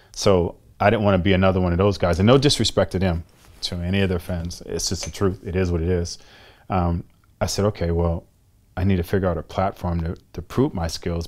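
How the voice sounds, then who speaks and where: A middle-aged man, a guest in an interview, telling his story with animated energy, acting out conversations and often repeating words as he restarts. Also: low voice, a little fast. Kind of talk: candid storytelling in a long-form interview.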